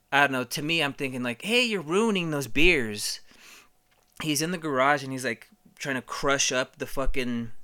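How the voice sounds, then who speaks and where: Brief: man, bright forceful voice, rambling crude comic storyteller, swears freely. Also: medium pitch, clean tone. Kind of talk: casual comedic storytelling.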